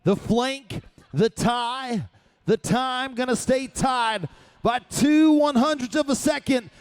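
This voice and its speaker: A man's voice: very high voice, takes it slowly, clear, resonant tone, no echo. A man calling a live rodeo as announcer, with hyped, punchy play-by-play calls.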